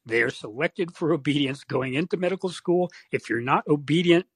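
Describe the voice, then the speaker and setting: A man's voice: fairly high pitch, moderate pace, husky, no echo. A male guest on a podcast, speaking bluntly and laying out his points firmly one after another. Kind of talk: opinionated conversation.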